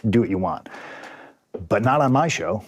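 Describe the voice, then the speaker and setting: Low-voiced guy telling a story in an interview, blunt and swearing a lot, acts out the dialogue, dry mic. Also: expressive, normal speed, no room sound. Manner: profane, blunt, frustrated. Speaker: interview guest, pro wrestler.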